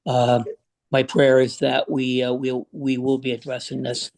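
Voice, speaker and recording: A man serving as a state senator, giving measured, reassuring remarks at a committee hearing. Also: mid-range voice, completely flat delivery, vocal fry, darkish tone.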